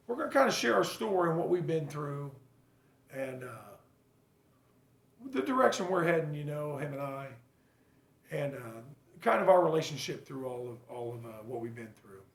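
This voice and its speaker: A man with a slightly high voice and a gravelly edge speaks bluntly and earnestly, swearing without a second thought. He pauses often and restarts his thoughts as he talks to the camera like a personal vlog. The sound bounces around a bare, echoey room. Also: expressive. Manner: halting, full of fillers and restarts. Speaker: father sharing his recovery story. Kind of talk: casual personal vlog monologue.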